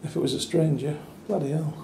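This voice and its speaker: A man tours a compact hotel room and reviews it in a casual, wry way. His voice sits slightly high, with a warm, gravelly texture. The recording is roomy and echoey, with faint background hiss. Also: fairly even intonation, brisk. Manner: chatty and wry, with dry asides. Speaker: travel reviewer. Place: small hotel room, indoors.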